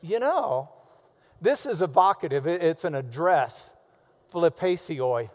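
A man's voice: a little high, animated, measured pace, big-room sound. A man preaching a sermon as pastor, enthusiastic and emphatic, with playful asides.

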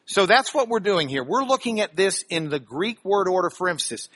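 A man teaching scripture for a radio broadcast, dramatic with sudden loud emphasis and chatty asides asking if listeners follow. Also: high voice, very animated, brisk, few pauses, no room sound. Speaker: Bible teacher.

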